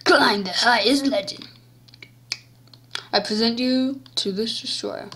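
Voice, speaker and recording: A woman giving casual, goofy gameplay commentary, cracking jokes and talking playfully in a drawn-out way. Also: a little high, fairly bright tone, slight background noise.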